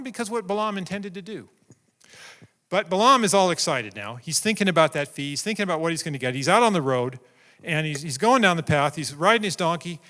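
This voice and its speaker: A man preaching a sermon, telling a story in an animated way and acting out its scenes. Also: sits high. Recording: long reverb in a large hall.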